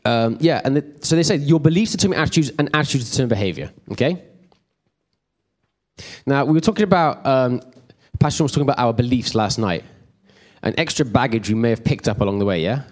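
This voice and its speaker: A man's voice: mid-range voice, animated, fast talker. A man teaching a church group in a casual, rambling way, often checking in with his listeners. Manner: chatty, rambling, checks in with the room. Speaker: preacher.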